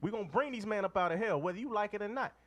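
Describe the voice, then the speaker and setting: Preacher guy, high voice that jumps all over, calling for verses and pushing the men hard. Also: expressive, racing, heavy background noise. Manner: emphatic, calls for readings, call-and-response. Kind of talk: street-style sermon to a group of men.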